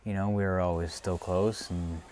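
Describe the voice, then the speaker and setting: A man interviewed for a documentary, speaking reflectively and hesitantly with many pauses and fillers. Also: sits low, level tone, a little mellow, slight background noise. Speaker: friend interviewee.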